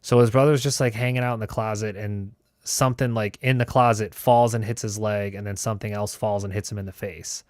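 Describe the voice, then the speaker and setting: A man's voice: lowish voice, steady tone, fairly quick, few pauses, dry recording, clean studio sound. A man hosting a show, telling a story in a loose, casual way, swearing and filling his talk with "like" and "you know". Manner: loose and profane, heavy with fillers. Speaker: host.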